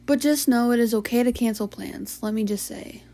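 A tired young woman hosting a late-night confessional podcast, talking softly and haltingly, with sighs, yawns and whispered stretches. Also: on the high side. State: sleepy. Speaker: podcast host.

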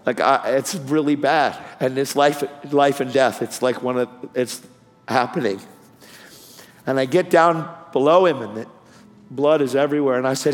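A man's voice: fairly high pitch, moderate pace. A man preaching a testimony sermon with fervor and casual slang, calling people "man" and "bro". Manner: fervent, street-casual slang. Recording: long hall reverb.

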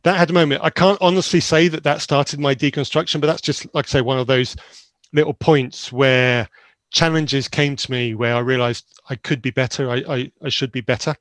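A man's voice: mid-range voice, steady tone, a bit bright, no echo. Earnest man recounting his past. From Zambia. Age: around 50. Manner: earnest, candid, halting with restarts. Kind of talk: reflective personal storytelling.

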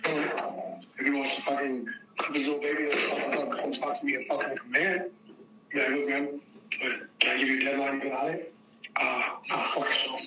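A young man in a heated, profane casual rant, agitated and swinging between loud outbursts and hushed mutters. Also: medium pitch, fairly even intonation, moderate pace, heavy background noise.

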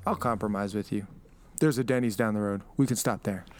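An actor playing a laid-back young male gravedigger who talks in a relaxed, casual way and swears offhandedly. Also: fairly low pitch, fairly quick, no echo, close to an everyday voice.

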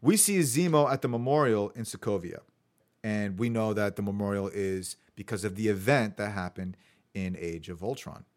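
A man's voice: lowish voice, moderate pace, darkish tone. A man hosting a casual podcast, running through his notes in a chatty way with fillers. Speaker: podcast host.

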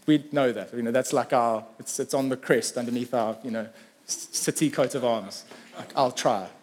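Animated preacher, man. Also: mid-range voice, a little hiss or hum. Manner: animated preaching, rising to emphatic peaks; voices Peter's challenges in a raised, slowed voice. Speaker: pastor. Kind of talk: sermon.

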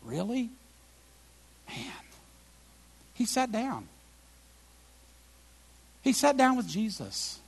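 A middle-aged man preaching a sermon as pastor, swinging between loud emphatic bursts and quiet, low reflective lines. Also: very animated, very slow, pauses often, husky.

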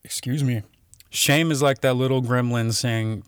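A man's voice: medium pitch, level tone, normal speed, clear, resonant tone, no room sound, clean studio sound. A man talking casually on his own, reading out definitions with many fillers and restarts.

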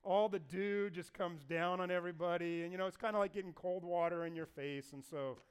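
A man preaching a sermon to a congregation. He tells the story in a lively way and acts out the voices of the figures. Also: high-pitched, a little fast, smooth. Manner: animated storyteller acting out voices. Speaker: pastor.

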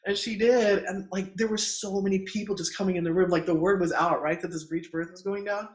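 A middle-aged man, a midwife, telling stories in casual conversation, animated and acting out the voices of the people in them with frequent laughs. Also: sits high, fairly quick. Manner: animated, acts out quoted voices, laughs often. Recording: roomy echo.

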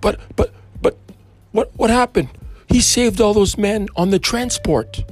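A man puts on a frightened, bewildered young man. The voice rides well above his own and stammers with strain. It sounds husky and quick. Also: high-pitched, animated, soft background music, voice pushed up, exaggerated voice.

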